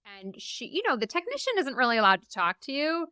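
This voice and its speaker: A woman in her thirties telling her own birth stories as a podcast guest, animated and acting out the voices of the people she quotes. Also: high voice, a little fast, clear, resonant tone, no echo, clean studio sound. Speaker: podcast guest, memoir author. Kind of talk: casual storytelling.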